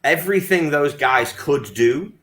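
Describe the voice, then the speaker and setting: A man's voice: on the high side, lively intonation, unhurried, fairly bright tone, slight background noise. A man co-hosting a casual podcast. He tells stories emphatically and confidently, like a fan who knows his subject. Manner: emphatic, knowledgeable storyteller. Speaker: podcast co-host. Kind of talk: casual chat. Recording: roomy echo.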